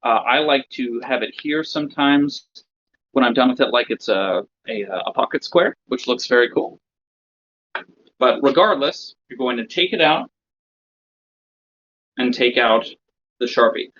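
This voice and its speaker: A man's voice: medium pitch, unhurried, long pauses, a bit bright, a little hiss or hum. A man lecturing other magicians, explaining a routine step by step and checking in with listeners as he goes. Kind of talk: instructional lecture. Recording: slightly dull lo-fi recording.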